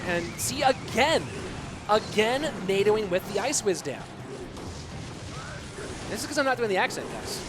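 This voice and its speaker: Chatty American esports caster. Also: male voice, sits high, very animated, measured pace, pauses often, background noise. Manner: chatty, reads and answers viewer chat. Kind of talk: live esports commentary with chat banter.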